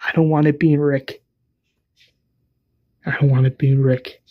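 A man voicing a frightened pregnant woman who pleads urgently and swears in his own husky voice. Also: a little high, level tone, a little slow, dry recording, muffled recording. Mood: desperate.

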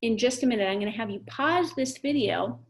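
A woman's voice: fairly high pitch, expressive, brisk. A woman teaching a kindergarten math video lesson, cheerful and encouraging, with an exaggerated voice for young children.

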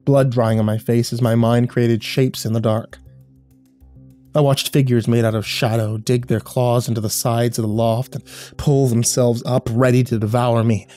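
Brief: a male horror storyteller with a dark, relaxed tone, steady grim reading over soft music. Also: medium pitch, normal speed. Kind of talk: scripted horror narration.

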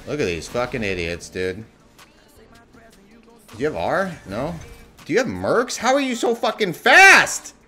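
A man streaming a game, ranting and swearing at other players, swinging from low mutters to shouted outbursts. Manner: tilted, swearing, ranting at teammates and enemies. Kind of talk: live gameplay commentary.

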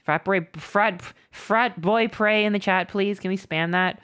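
A woman's voice: mid-range voice, a little slow, a bit bright. A woman hosting a game stream, chatting casually in a playful, giggly way. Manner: playful, giggly, talks in bursts. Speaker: streamer host.

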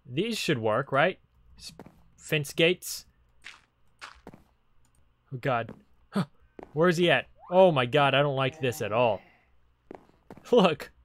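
A man's voice: mid-range voice, lively intonation, takes it slowly, long pauses. A young man hosting a casual Let's Play, talking to creatures in the game and reacting with sudden panicky outbursts. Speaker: gaming channel host.

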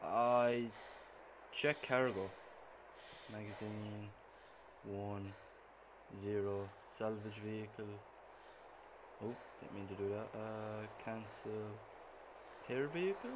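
A young man giving profane gameplay commentary, muttering to himself and then suddenly yelling. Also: on the low side, takes it slowly, long pauses. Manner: swears constantly, muttering that bursts into sudden yells. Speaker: gaming channel host. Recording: noisy gameplay recording.

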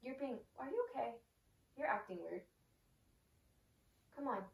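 A woman's voice: a little high, lively intonation, a little slow, gravelly. A young woman firmly and exasperatedly refusing her husband's teasing in a casual prank video. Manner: exasperated, pleading and firm. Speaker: wife. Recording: echoey room, far mic, faint noise.

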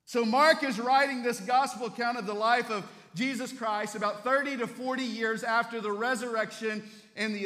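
A male pastor preaching a Sunday sermon in a church, telling stories in an animated way and often restarting his phrases. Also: extremely high pitch, big-room sound. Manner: animated storytelling preacher, repeats words as he restarts. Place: church sanctuary.

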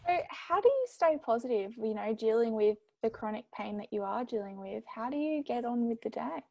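A woman hosts a casual interview, putting short, prompting questions to her guest. Her voice is slightly high and gravelly, and she sounds set back from the mic in a dry room. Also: lively intonation, a little fast, darkish tone, dry recording, far from the mic, lo-fi sound.

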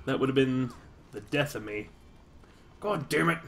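A man hosting a let's play, talking through the game and shouting and swearing at it. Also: mid-range voice, moderate pace, slight background noise. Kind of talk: gameplay commentary.

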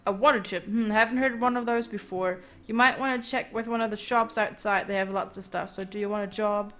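A woman's voice: medium pitch, fairly even intonation, brisk, fairly bright tone, lightly acted. Woman reading out a boastful caravan boss. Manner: boastful, pushy sales patter. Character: smooth-talking male caravan boss recruiting.

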